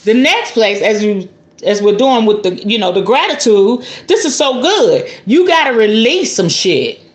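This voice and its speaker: A woman giving a spiritual tarot reading in a casual, animated, preachy way, with some swearing. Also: on the high side, measured pace, roomy sound. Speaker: tarot reader.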